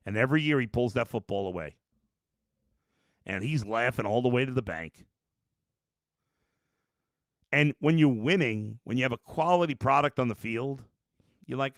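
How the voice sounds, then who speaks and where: Ranting gravelly sports podcast host. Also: male voice, mid-range voice, animated, normal speed, pauses often, fairly bright tone, no echo, studio quality. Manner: ranting, exasperated, with many restarts. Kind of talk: post-game sports talk, reading chat.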